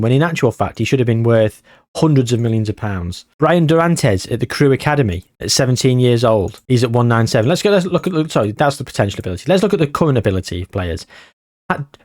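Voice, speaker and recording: A man talks over his gameplay for his own channel, easygoing and prone to little jokes and asides. His voice sits at an ordinary middle pitch for a man. The sound is dry and close, with no room echo. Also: a little mellow. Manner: chatty, jokey, rambling asides. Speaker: YouTuber, host. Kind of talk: video game commentary.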